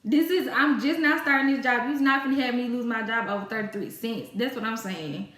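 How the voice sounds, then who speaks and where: Bright-voiced woman ranting in an echoey room. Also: fairly high pitch, brisk. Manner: exasperated, ranting about customers. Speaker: storytime vlogger. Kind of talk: casual storytelling.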